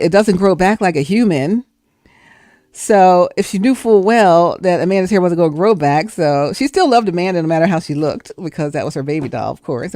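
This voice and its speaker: Woman host spinning a story, chatty, bit of vocal fry. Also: on the low side, dry recording, studio quality. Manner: chatty and animated, breaks into laughter. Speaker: livestream host. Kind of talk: casual storytelling.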